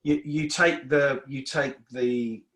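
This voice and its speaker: A man's voice: medium pitch, steady tone, takes it slowly, a bit bright. A middle-aged man talking as a guest in a casual interview, rambling and repeating words as he restarts his sentences. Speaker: guest musician.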